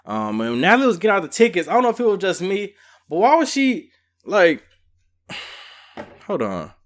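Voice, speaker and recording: A man's voice: high voice, moderate pace. A man giving a casual, slangy recap and review of a reality show episode. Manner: chatty, slangy, lively storytelling.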